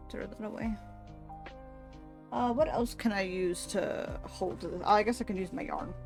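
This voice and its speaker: A woman's voice: on the low side, gravelly. Chatty young woman streaming from home. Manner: chatty, swearing, easily excitable. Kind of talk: casual chat while crocheting.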